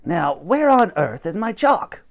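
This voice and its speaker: A man's voice: high voice, very animated, a little slow, pitched above the performer's own voice, exaggerated voice. A man voicing a grand, snappish old professor who commands and lectures. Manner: commanding, pompous, bursts of rising emphasis.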